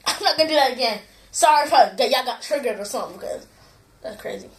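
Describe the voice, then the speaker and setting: A woman's voice: high-pitched, lively intonation, brisk, slight background noise. A woman chatting casually on her vlog, rambling, apologetic and giggly. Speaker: gaming channel youtuber.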